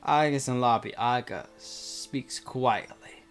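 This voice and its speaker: A man's voice: medium pitch, normal speed, soft background music. Casual male reader of a visual novel; rambles between lines with plenty of fillers, mid-range voice. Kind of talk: reading a visual novel aloud with casual commentary.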